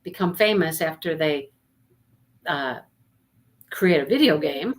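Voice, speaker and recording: A woman's voice: low voice, animated, slow, a little hiss or hum. A woman hosting a live book discussion, chatting casually, telling stories and laughing often as she reads out viewer comments. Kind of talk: casual chat on a livestream.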